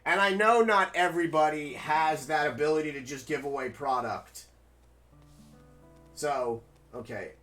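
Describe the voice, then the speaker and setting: A male streamer chatting loosely with his viewers while he plays, rambling from one thought to the next. His voice sits a little high. Faint music runs quietly underneath. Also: measured pace, long pauses. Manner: rambling, chatty, talks to chat. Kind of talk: casual live-stream chat while gaming.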